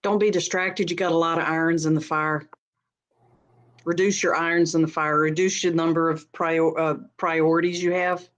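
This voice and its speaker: A woman's voice: low voice, little pitch movement, moderate pace. A woman, a psychic reader and co-host, giving direct advice in casual chat and repeating her points plainly.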